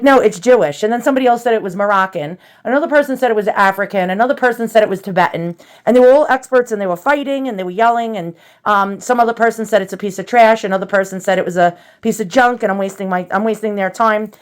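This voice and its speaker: A woman with a medium-pitched, clean voice talks fast while hosting a casual show-and-tell vlog about antiques. She's chatty and rambling, nervous and self-deprecating, with many fillers and restarts.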